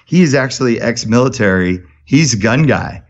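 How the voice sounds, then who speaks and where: A man guesting on a podcast, telling stories in an energetic, animated way. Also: medium pitch, highs cut off. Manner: energetic storyteller, rapid and animated. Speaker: podcast guest, charity founder. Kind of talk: casual podcast conversation.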